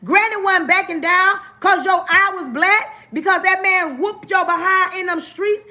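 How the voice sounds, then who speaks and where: A woman's voice: very high voice, measured pace, pushed and bright. A woman hosting a livestream, giving emphatic, repetitive life talk and often checking in with her listeners. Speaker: livestream host. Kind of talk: preachy motivational livestream talk.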